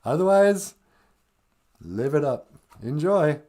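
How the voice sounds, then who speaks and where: A laid-back, fatherly creator god, as a man puts him on, chatting breezily as if with old friends. The voice is relaxed and friendly, told as part of a comic story. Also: a little high, slow pace, voice pushed up. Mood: breezy.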